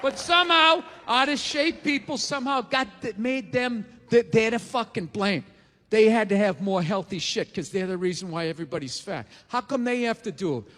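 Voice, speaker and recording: A man in his forties doing a stand-up comedy routine on a live stage, ranting, swearing and often shouting. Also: high-pitched, moderate pace. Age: 40s. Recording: live show with reverb and crowd noise.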